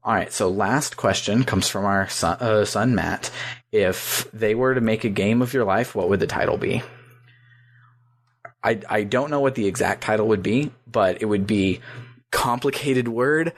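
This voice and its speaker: A man hosts a relaxed chat podcast about games, his voice sitting a little low. He rambles along with plenty of fillers and laughs often. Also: unhurried. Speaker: podcast host. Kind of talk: casual gaming podcast chat.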